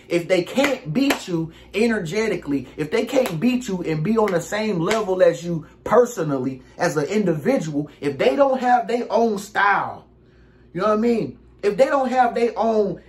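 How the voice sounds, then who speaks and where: A man, giving casual relationship advice in an animated, preachy monologue. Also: high voice. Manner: animated, preachy, acts out quick impressions.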